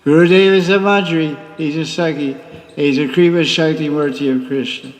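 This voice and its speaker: A man, a spiritual teacher, giving a lively devotional class with teasing asides. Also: fairly high pitch, normal speed. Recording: echoey hall reverb.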